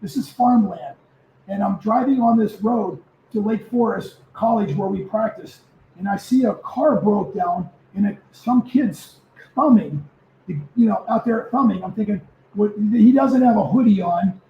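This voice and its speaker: A man in his seventies, a former football player, telling stories as a guest in a casual interview, lively and prone to repeating himself. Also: sits high, measured pace, vocal fry, a little hiss or hum. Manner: animated storyteller who repeats words. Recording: echoey, muffled remote audio.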